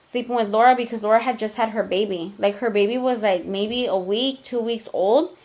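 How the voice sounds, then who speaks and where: A woman's voice: a little high, a little fast, darkish tone. Candid, cursing young woman telling a story. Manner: candid and profane, mixes in Spanish slang. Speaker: podcast co-host. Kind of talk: casual storytelling chat.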